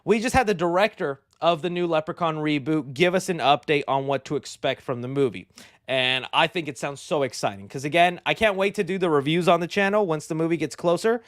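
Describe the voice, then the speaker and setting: A man hosting a movie news show, talking in an excitable, slangy and rambling way. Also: on the high side, a little fast, no echo, clean studio sound. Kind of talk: casual movie news commentary.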